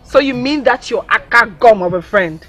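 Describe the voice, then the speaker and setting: A woman's voice: fairly high pitch, expressive, moderate pace, fairly bright tone, soft background music. A woman playing a teasing Nigerian mother. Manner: teasing, playful. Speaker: actor.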